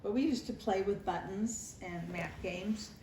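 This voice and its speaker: Speaking unhurriedly in a mid-range voice, an older woman shares childhood memories for a family interview, with a little hiss or hum on the recording. She's a grandmother who tells her stories warmly and nostalgically, voicing family members as she goes, amid roomy echo and faint ambience.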